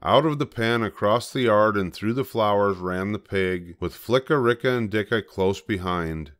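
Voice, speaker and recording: An older man reading a children's story aloud as storyteller, gentle and measured. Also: fairly low pitch.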